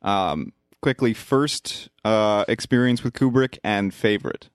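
A man with a lowish voice hosts a casual film podcast. He talks in a relaxed, chatty way and laughs easily. The sound is dry and close. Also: measured pace, clean tone, no room sound. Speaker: podcast host.

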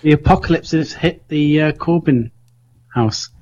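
A man's voice: a little high, unhurried, a little mellow, lo-fi sound. A man co-hosting a radio show in a laid-back, giggly way with mumbled asides. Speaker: radio co-host. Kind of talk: casual radio chat.

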